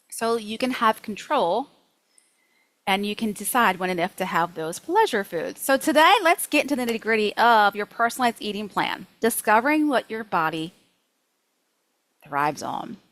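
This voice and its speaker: A woman nutrition coach teaching a workshop in a lively, chatty way, acting out her own thoughts. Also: medium pitch, low-quality recording.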